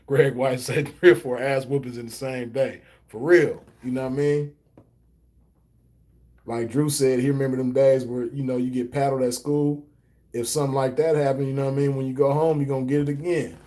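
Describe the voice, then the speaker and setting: Medium in pitch, steady and slightly mellow, the man's voice runs at a normal speed. He's a stream host reading chat comments, answering them and relating a story in a casual, loose monologue dotted with "you know what I mean."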